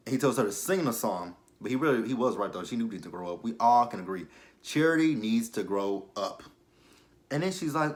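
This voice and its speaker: Man, lowish voice, casual TV recap vlog, sassy, animated, talks back to characters. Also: brisk. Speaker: TV show reviewer.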